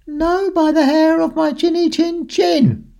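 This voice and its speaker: A man voicing a small, bookish little pig in a children's story, in a squeaky high voice. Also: fairly even intonation, takes it slowly, creaky, dark tone, full character voice. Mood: defiant. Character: little male pig, sleepy bookish youngest brother.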